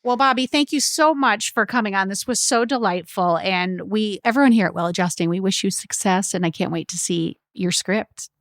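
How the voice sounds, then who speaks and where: A woman's voice: medium pitch, normal speed, hardly any pauses, dry recording, studio quality. A woman hosting a podcast interview, encouraging and upbeat. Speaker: podcast host. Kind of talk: wrapping up an interview.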